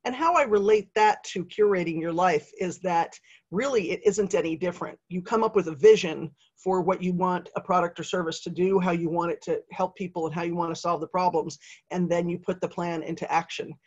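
A woman's voice: lowish voice, brisk, darkish tone, husky, dull audio. A middle-aged woman giving a webinar in a conversational, upbeat way, with frequent fillers. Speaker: webinar presenter. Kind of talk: presenting a webinar.

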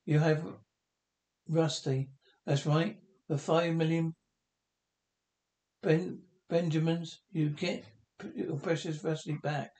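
A man's voice: on the high side, flat delivery, takes it slowly, pauses often, darkish tone, reverberant. An actor playing a bumbling male kidnapper making a ransom call in a film. He sounds menacing but keeps stumbling over his words. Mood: threatening. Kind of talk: film dialogue.

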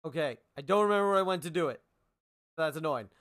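In this live gaming stream commentary, a playful man talks back at the game's characters and repeats their lines for comic effect. He speaks quickly in a fairly bright, higher voice with lively intonation.

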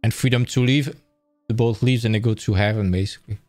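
A man's voice: lowish voice, steady tone, fast, darkish tone, dry recording, soft background music. A man presenting a live-streamed lecture, explaining in a casual, enthusiastic way with frequent restarts.

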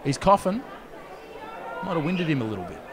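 A man giving fast, jokey play-by-play commentary on a rugby league match from a commentary box. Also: a little high. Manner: rapid, excitable, jokey play-by-play. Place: commentary box at an outdoor ground. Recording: loud crowd and outdoor noise.

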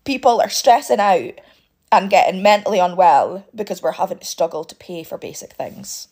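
A woman's voice: lowish voice, normal speed, a little mellow, breathy edge. A British woman, a single parent, venting to camera on a phone about bills, upset and clipping off her swear words. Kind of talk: emotional vent to camera.

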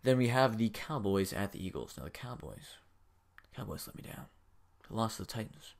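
A young man runs through his weekly sports picks in a relaxed, chatty way, his voice sitting somewhat low. Now and then he builds into energetic, hyped runs of short punchy phrases. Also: normal speed, vocal fry. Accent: says he has a strange accent. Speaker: video host. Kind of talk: casual sports predictions.

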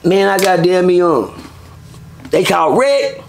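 A man, a guest in an interview, telling stories in a casual, profane and animated way. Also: high-pitched, slow pace, vocal fry, a little hiss or hum. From Texas. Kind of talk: casual storytelling.

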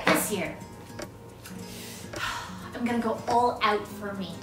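A woman of thirty in a casual birthday vlog, gushing and gasping with excitement as she unpacks and tries on outfits. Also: medium pitch, slow pace, pauses often. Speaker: vlogger. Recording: echoey room, mic at a distance, loud music. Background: music.

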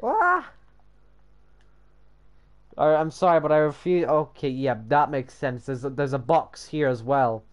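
A man's voice: medium pitch, fairly even intonation, normal speed, hardly any pauses, darkish tone. A young man giving casual gameplay commentary while building, sweary and sarcastic, often muttering to himself. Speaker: gamer building in a block game.

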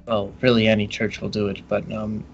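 A man voices his character in a tabletop game, halting and searching for words. His voice is gravelly and rough, with faint background noise. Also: lowish voice, level tone, highs cut off. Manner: hesitant, halting in-character speech. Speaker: player. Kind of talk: tabletop role-play, in character.

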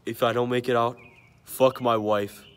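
A man's voice: medium pitch, little pitch movement, moderate pace. A young man joking crudely with his friends outdoors. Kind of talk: casual banter. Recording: echoey and distant.

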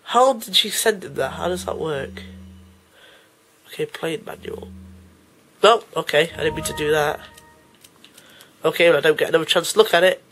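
A man giving excitable, panicky let's play commentary, often laughing and shouting. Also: on the high side, normal speed, long pauses, a little hiss or hum, rough recording. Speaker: gamer.

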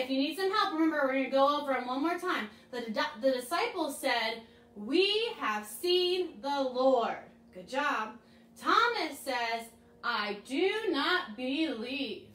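A woman leading children's chapel, telling a Bible story and slowly modeling lines for the kids to repeat. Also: sits high, a bit bright. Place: room with air freshener. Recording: echoey room, mic at a distance.

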